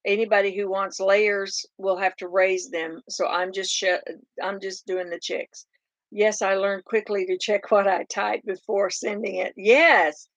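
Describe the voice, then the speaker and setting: A woman's voice: mid-range voice, fairly even intonation, unhurried, dry recording. A middle-aged woman with a thick Southern drawl chats unhurriedly with viewers on a farm livestream. She rambles and restarts her sentences, filling the gaps with ums. Her voice sits dry and close, with almost no room sound. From Oklahoma. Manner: chatty and rambling, many fillers and restarts. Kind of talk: casual live chat reading viewer comments.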